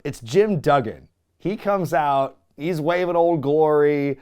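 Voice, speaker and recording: A man hosting a comedic recap show, sarcastic and swearing freely, laughing often as he gets excited. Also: on the high side, slow, clean tone. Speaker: host.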